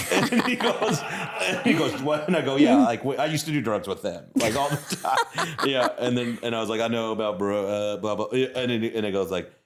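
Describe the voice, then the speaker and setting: A man from Texas with a Texan accent, a comedian guest telling rambling, animated anecdotes. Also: medium pitch, normal speed, very noisy. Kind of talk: casual storytelling.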